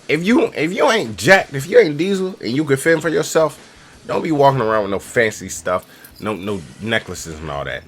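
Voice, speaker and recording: A man's voice: lowish voice, a little hiss or hum. A man in his twenties giving loose, slangy, rambling travel advice straight to camera as a casual vlogger. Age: 20s.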